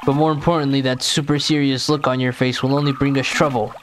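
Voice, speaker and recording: A man's voice: mid-range voice, level tone, fast talker, over music, natural voice. A man reading as a bossy old cave guide. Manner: plain reading of game dialogue. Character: talkative older man guiding through a cave.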